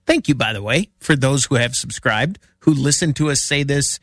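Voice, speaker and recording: A man's voice: mid-range voice, lively intonation, a bit bright, dry recording, studio quality. A man co-hosting a call-in car advice radio show, joking and taking calls. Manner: joking, reads phone number slowly. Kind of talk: casual call-in radio chat.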